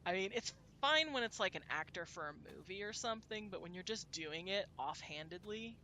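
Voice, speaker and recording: A woman's voice: mid-range voice, expressive, brisk, sharp tone, a little hiss or hum. Chatty woman streamer. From Texas. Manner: rambling, chatty, laughs often. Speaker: game streamer. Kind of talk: casual chat to viewers while gaming.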